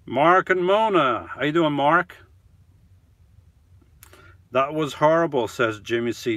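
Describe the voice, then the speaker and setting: A man chatting on a live stream from inside his camper van. He talks at an unhurried, drawn-out pace, reading out viewer comments and replying to each in a relaxed, rambling way. The sound is close and dry, with no room echo. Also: on the high side. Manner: reads viewer comments aloud and answers them one by one; easygoing, chatty, with frequent trailing off. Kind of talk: casual live-stream chat.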